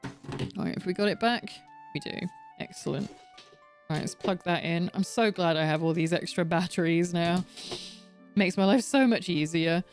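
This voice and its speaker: A woman's voice: lowish voice, normal speed, pauses often, faint music behind. A woman streamer chatting casually and swearing while playing a game. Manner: chatty, swearing, self-mocking. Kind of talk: casual gaming commentary.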